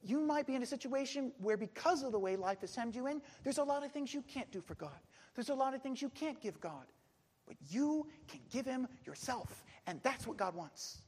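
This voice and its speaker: A man preaching a sermon earnestly, dropping soft then pressing hard. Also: very high-pitched, animated, normal speed, husky, big-room sound. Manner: earnest, swings between soft and emphatic.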